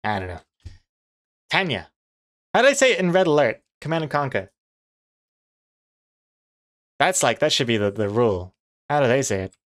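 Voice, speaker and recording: A man's voice: medium pitch, sing-song, a little fast, long pauses. A man streaming as a comic artist, chatting casually while drawing, musing aloud and answering chat with easy chuckles. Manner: chuckles easily, playful pronunciation teasing.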